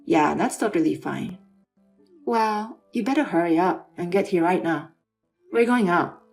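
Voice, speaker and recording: A woman's voice: fairly low pitch, expressive, unhurried, vocal fry, faint music behind. A woman voicing an adult husband in a dramatized story. He pleads and makes demands, then brushes things off. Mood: pleading.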